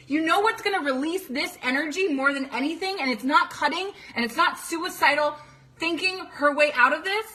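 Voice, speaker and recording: Woman, young adult, high-pitched, bright tone, earnest coaching talk to parents, emphatic. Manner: earnest, emphatic, acts out panicked voices. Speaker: coach for teenage girls. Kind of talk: direct-to-camera talk to parents.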